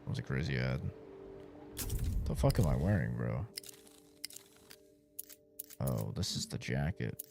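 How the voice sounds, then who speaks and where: A male streamer giving profane, excitable, jokey commentary while playing a game. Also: extremely low pitch, a little slow, gravelly, long pauses. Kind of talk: casual gameplay commentary. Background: game music.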